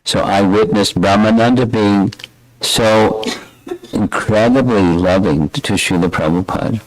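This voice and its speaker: An older man giving a scripture class as a spiritual teacher, telling stories in a reflective, unhurried way. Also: on the low side, a little hiss or hum, rough recording.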